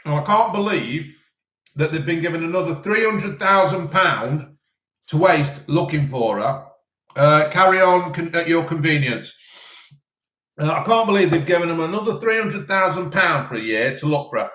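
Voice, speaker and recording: A man rambles through a live chat between mouthfuls, with lots of ums. His voice sits a little high for a man. The room rings with a noticeable echo. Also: expressive, normal speed, a bit bright. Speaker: live-stream host answering chat. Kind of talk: casual live chat while eating. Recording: roomy echo.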